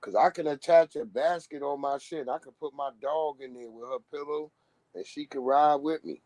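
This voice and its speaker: A man's voice: a little high, moderate pace, a little mellow, dry recording. A man hosting a live stream, rambling in casual street slang and laughing as he talks.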